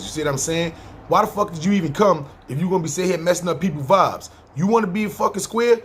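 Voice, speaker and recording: With a high-pitched, fairly bright voice and a quick pace, this New York man narrates over a slight hiss or hum. As a podcast storyteller he rambles through a long, casual tale in his New York accent, swearing freely and acting out people's words.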